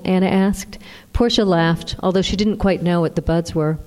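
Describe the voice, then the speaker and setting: A woman narrating an audiobook in a steady, even reading. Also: lowish voice, moderate pace, clear, resonant tone. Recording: long reverb.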